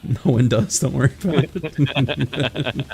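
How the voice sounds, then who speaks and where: A man's voice: medium pitch, slow, gravelly, darkish tone, faint music behind. An American man streaming a coop game, casually chatting and teasing his friend. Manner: teasing, joking. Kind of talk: casual chat while gaming.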